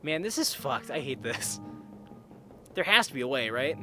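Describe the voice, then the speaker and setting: A man's voice: medium pitch, very animated, normal speed, long pauses, sharp tone, faint music behind. A man streaming a game, reacting bluntly and swearing casually as he plays.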